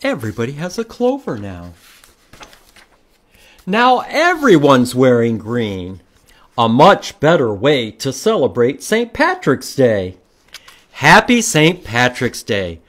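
This man's voice is medium-pitched and slow as he reads a picture book to a group of children at library storytime. He animates the story, makes animal sounds, and keeps asking the kids questions.

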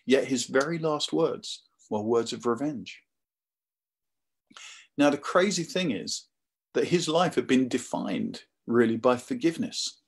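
A man preaching a sermon in a conversational, animated storytelling manner. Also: medium pitch, measured pace, breathy edge.

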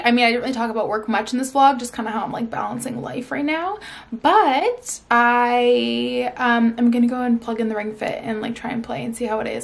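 A young woman in her twenties chats casually to the camera from home, vlogging in an upbeat way and saying "like" a lot. Her voice sits on the high side, and there's slight background noise.

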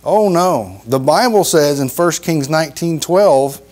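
A middle-aged man preaches in a folksy, emphatic style, with a voice pitched a little high. He repeats key phrases and drops his voice low to drive a point home. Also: expressive, unhurried, a little mellow. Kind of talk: sermon.

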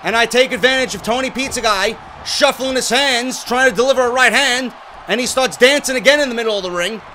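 A man giving excitable, profane wrestling play-by-play over a video game he is playing, often shouting. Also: very high-pitched, fairly quick, slight background noise. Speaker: gameplay commentator.

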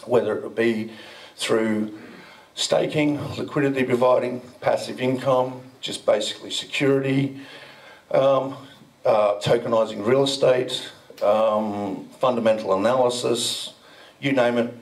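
A man with a medium-pitched, steady voice speaks unhurriedly, far from the mic, on a low-quality recording. He's a crypto business founder on stage at a conference in an indoor venue, telling a casual story full of rambling tangents and mild curses.

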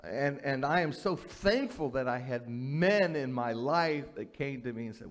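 A man's voice: medium pitch, lively intonation, a little slow, hardly any pauses. A middle-aged man, a pastor teaching a women's Bible study in a conversational way, repeating his key phrases and checking in with "okay?".

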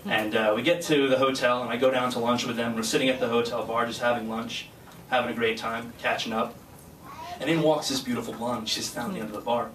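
A man of middle pitch speaks from a stage at a graduation ceremony, telling a personal story in an earnest, chatty way. He is picked up from far away. The hall echoes, and a steady ambient noise sits under his voice. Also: fast. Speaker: guest speaker, flight crew member. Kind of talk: personal speech with anecdote. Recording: distant mic in echoey hall, noisy.

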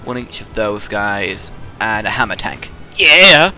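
Excitable, swearing gamer man. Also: on the low side, unhurried, a little hiss or hum. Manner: excitable, swearing, trash-talking. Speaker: gaming video host. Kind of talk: live gameplay commentary.

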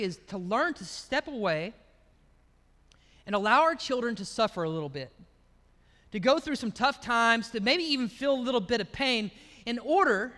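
Guy preaching, really high bright voice, chatty and storytelling, churchy hall echo. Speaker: pastor. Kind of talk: sermon.

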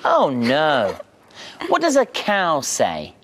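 A man's voice: fairly high pitch, wildly swooping pitch, takes it slowly, a bit bright. Playful man telling a children's story. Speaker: children's TV presenter. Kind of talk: storytelling to preschoolers.

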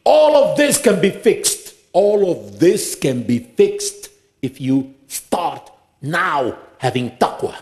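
Emphatic, animated male preacher in a mosque. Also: a little high. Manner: emphatic, rhetorical questions, recites Quran verses quickly in Arabic. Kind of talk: sermon.

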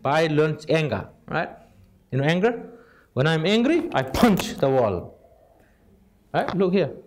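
A man with non-native English giving an informal Buddhist teaching, lively and direct, checking in often with the audience. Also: on the high side, a little slow. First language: Tibetan. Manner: animated, asks "right?" constantly, non-native phrasing. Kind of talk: informal dharma talk.

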